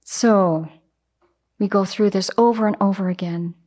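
Woman Buddhist teacher, mid-range voice, lively storytelling dharma talk. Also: mid-range voice, unhurried. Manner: animated, acts out everyday examples.

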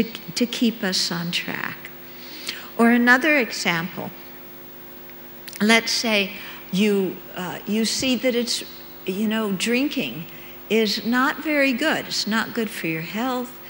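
A woman's voice: mid-range voice, fairly bright tone. A woman giving a conversational dharma talk as a meditation teacher, checking in with her listeners as she explains. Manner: unhurried, checks in with listeners with "okay?". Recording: long reverb in a hall, faint hum.

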